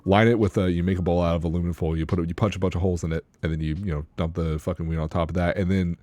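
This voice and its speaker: A man's voice: low-pitched, steady tone, very fast, a little mellow. A man telling a rambling, profane story in a casual chat among friends on a podcast. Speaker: podcast co-host.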